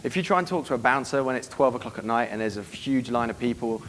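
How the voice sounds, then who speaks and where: A man giving a seminar to a live room, brisk and profane, acting out club scenes as he goes. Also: medium pitch, lively intonation, a bit bright, slight background noise. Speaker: dating coach giving a seminar. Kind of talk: live seminar talk to an audience.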